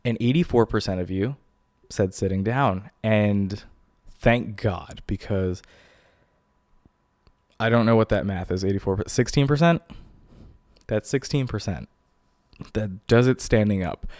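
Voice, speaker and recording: Young male podcast host, lowish voice, dry close mic, animated and incredulous. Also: a little slow, long pauses, no echo. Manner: animated, incredulous, jokey rants. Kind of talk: casual podcast monologue.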